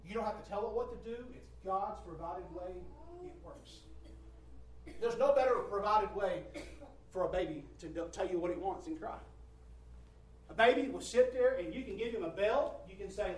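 A man's voice: sits high, moderate pace. A male preacher giving an emphatic sermon, swelling and dropping his voice and repeating phrases for effect. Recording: roomy hall from a distant mic, faint ambience.

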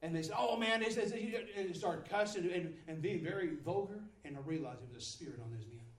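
A man's voice: on the high side, a little fast, roomy sound, distant mic, poor audio. A man preaching a sermon, emphatic and repetitive, his voice swelling and dropping. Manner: repetitive, emphatic, rises and drops in volume.

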